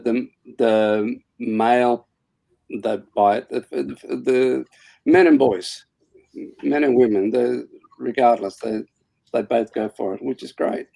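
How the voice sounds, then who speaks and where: A gravelly-voiced man, guest in an interview, talking casually. He restarts his sentences often and trails off as he goes. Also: medium pitch, mellow, low-quality recording. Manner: halting, with many restarts and trailing off. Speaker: comic creator guest.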